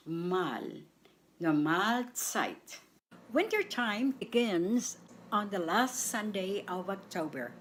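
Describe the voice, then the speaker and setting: A woman hosting a radio language segment, spelling out words and saying them syllable by syllable for listeners to repeat. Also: mid-range voice. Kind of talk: slow scripted language lesson. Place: radio studio.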